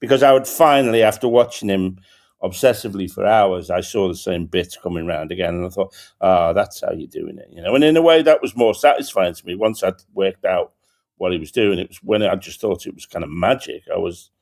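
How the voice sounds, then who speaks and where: Older guy hosting a comedy podcast, really low gravelly voice, rambly and stop-start. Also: animated, a little mellow. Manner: rambling, halting, many restarts and fillers. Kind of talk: casual anecdotal chat.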